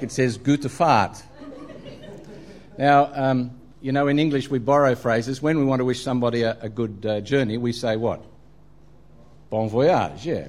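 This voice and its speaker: Australian male preacher, middle-aged, mid-pitched, loose anecdotal sermon delivery. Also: a little mellow, slight background noise. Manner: humorous storytelling, frequent ums and uhs.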